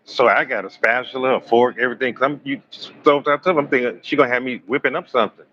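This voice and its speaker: A man hosting a live astrology stream, telling raunchy comic stories in an animated, slangy way and joking with his chat. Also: mid-range voice, fast, lo-fi sound. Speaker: astrology livestream host. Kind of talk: live tarot reading with raunchy comic storytelling.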